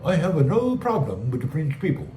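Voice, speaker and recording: A man's voice: a little high, big pitch swings, brisk, mellow, slight background noise. A man hosting a casual live stream, rambling and joking as he reads and answers chat messages. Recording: roomy, distant mic with faint ambience.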